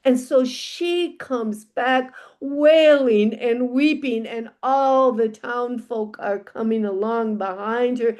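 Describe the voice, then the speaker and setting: A woman telling a folk tale aloud to a live audience, unhurried and expressive. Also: on the high side. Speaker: storyteller.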